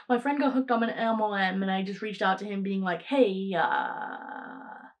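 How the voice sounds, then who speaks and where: A woman's voice: mid-range voice, normal speed, low-quality recording. A young woman hosting a casual solo podcast, rambling with lots of restarts and frequent laughter. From Greek heritage, raised in the United States. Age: young adult. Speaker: podcast host.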